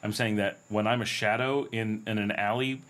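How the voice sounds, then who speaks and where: A man's voice: fairly low pitch, fairly even intonation, normal speed, a bit bright. A middle-aged American man hosting a casual livestream Q&A, chatty and telling stories with frequent laughs. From United States. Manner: chatty, anecdotal, laughs often, acts out quoted voices. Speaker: livestream host.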